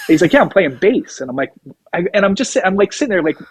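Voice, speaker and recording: A man's voice: sits high, sing-song, quick pace, slightly rough, no room sound, poor audio. A middle-aged man, a drummer guest, telling a rambling story and acting out what others said. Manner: rambling anecdotes, acts out quoted dialogue. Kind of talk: casual storytelling interview.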